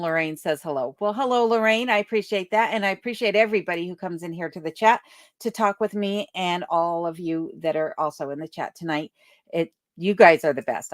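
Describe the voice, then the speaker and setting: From a remote home in Alaska, a woman hosts a casual livestream, reading viewer comments aloud and thanking people one by one. Her voice is on the low side, recorded in studio quality with no room sound.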